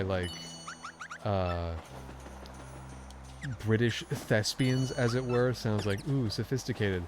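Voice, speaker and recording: A man with a lower voice chats over a video game, rambling and teasing his co-player. Game music plays clearly behind him. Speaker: let's play co-host. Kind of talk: casual chat over gameplay.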